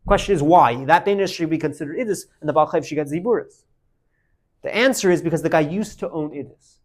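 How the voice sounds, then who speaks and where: A man teaching Talmud to a class, animated, calling on students by name and quizzing them. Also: fairly high pitch, fast.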